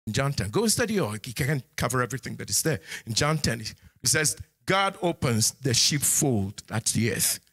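A man preaching a sermon in church as the pastor, scolding his congregation and swinging from low asides to high exclamations. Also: very animated, normal speed, few pauses, fairly bright tone, husky.

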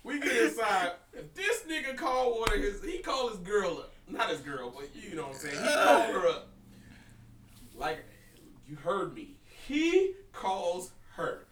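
A young man tells a story on a casual podcast, cursing freely and getting more animated as he goes. His voice is bright and forceful, with a slightly raised pitch. He sits back from the mic in a roomy, echoing space. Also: normal speed, recorded from a distance, slight background noise. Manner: animated, profane, breaks into laughter. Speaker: podcast co-host. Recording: roomy echo, somewhat off-mic.

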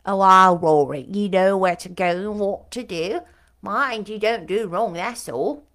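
A woman's voice: medium pitch, measured pace, a bit bright, pitched below the performer's own voice. A woman voicing a blunt, distrustful older woman servant with a country dialect, as an audiobook character. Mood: suspicious.

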